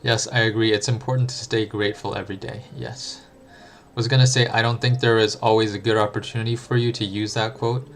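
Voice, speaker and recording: A man's voice: lowish voice, level tone, brisk. Reflective man chatting on a livestream. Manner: reflective, thinks aloud with frequent ums and restarts. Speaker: streamer answering chat. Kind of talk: casual livestream chat.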